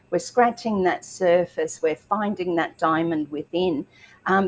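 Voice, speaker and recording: A middle-aged woman with an Australian accent hosts a live online show, greeting viewers one by one in a chatty, filler-heavy way. Her voice sits fairly low for a woman and carries a slight tickle in the throat. A faint hiss of background noise runs underneath. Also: darkish tone, low-quality recording. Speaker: livestream host. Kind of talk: upbeat live show welcome.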